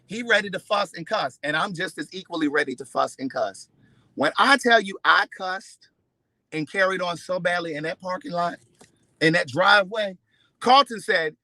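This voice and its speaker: High, bright-voiced man telling a story. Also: moderate pace, no echo, rough recording. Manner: expressive, profane, acts out quotes with big swings in loudness. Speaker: vlogger. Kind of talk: animated storytelling to camera.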